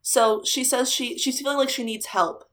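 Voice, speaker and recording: A woman's voice: on the high side, normal speed, a little hiss or hum. A woman casually retelling a ghost story to a friend, acting out the quotes as she goes. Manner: animated retelling with acted quotes. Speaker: podcast co-host retelling a ghost show.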